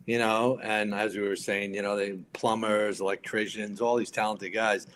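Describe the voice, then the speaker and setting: A retired firefighter turned actor, a man in his fifties, tells casual stories as a podcast guest, animatedly acting out what other people said. His voice is lowish and his pace normal, with slight background noise.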